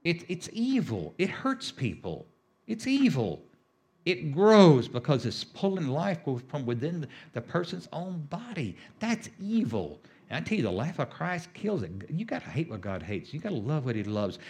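A man's voice: fairly high pitch, sing-song, normal speed, few pauses, a little mellow. A middle-aged man preaching a sermon as a healing minister, emphatic and repetitive, with sudden rises on key phrases.

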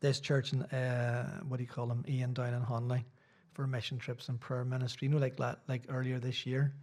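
A man's voice: mid-range voice, completely flat delivery, a little fast, a little mellow. A middle-aged Irish man, a visiting preacher, giving a sermon in a church with rambling, self-deprecating asides. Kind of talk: sermon with casual chat.

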